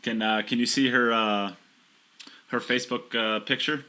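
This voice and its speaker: A man with a bright, forceful voice hosts the stream. He reads donations and auction updates with loose, stop-start phrasing. The tone stays friendly and informal. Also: mid-range voice, steady tone, normal speed. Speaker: stream host. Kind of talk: live-stream hosting.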